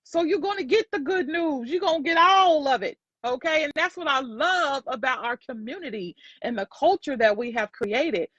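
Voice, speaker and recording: A woman's voice: high-pitched, lively intonation, moderate pace, hardly any pauses, fairly bright tone, no echo, dull audio. A woman host and sales coach giving an emphatic, preachy motivational faith talk that repeats lines for effect.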